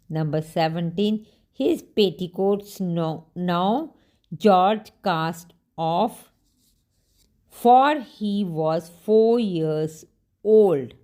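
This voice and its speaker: A woman's voice: on the low side, a little mellow. A woman teaching a grammar lesson to young children, patient, repeating each sentence and spelling words out.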